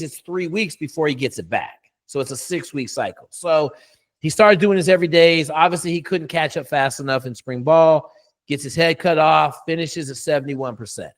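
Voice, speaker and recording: A man's voice: fairly high pitch, fairly bright tone. A middle-aged man, a coach, telling a story in a casual interview, blunt and profane with lots of emphasis.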